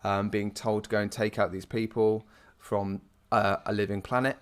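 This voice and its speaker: A man's voice: on the low side, level tone, normal speed, clean tone. A young man co-hosting a casual podcast, rambling through his thoughts with plenty of fillers. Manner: rambling, frequent fillers and restarts, laughs easily. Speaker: podcast co-host. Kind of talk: casual chat.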